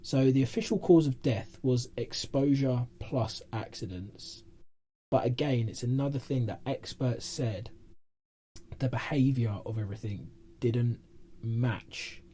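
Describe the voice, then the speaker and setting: A man's voice: mid-range voice, unhurried, mellow, breathy edge. A man co-hosting a paranormal podcast, reading out a case in a rambling casual way, often laughing. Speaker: podcast co-host.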